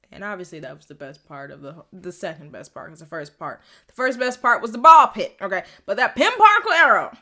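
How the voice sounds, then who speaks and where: A young woman giving a casual, excitable recap and reaction to a TV episode, acting out lines as she retells them. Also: mid-range voice. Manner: excitable, animated retelling with quoted voices. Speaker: recap reviewer.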